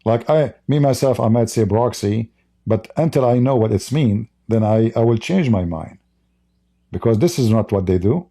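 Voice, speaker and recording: Heated man with a mellow voice. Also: medium pitch, animated, normal speed. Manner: heated, blunt, mocking, with broken non-native English. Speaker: live-stream host. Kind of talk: ranting live-stream commentary, reading viewer chat.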